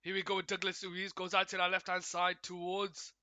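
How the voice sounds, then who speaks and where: A man calls a football match live for his stream audience, a little croaky from a cold. His voice sits high and sounds very bright and edgy. The sound is close and dry, with no room around it. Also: completely flat delivery, fairly quick, no echo. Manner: chatty, greets viewers often, corrects himself. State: slightly croaky, coming down with a cold. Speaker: football watchalong host. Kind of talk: live football play-by-play commentary.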